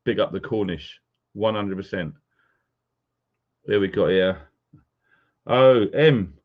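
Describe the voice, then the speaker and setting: A man's voice: lowish voice, lively intonation, slow. A man hosting a live stream, casually greeting viewers by name as they join. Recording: dull lo-fi sound.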